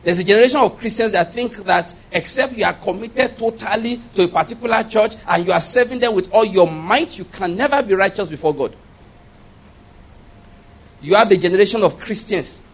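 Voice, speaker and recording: A man's voice: sits high, breathy edge. A man preaching a sermon, firing rhetorical questions at the congregation and repeating key phrases for emphasis.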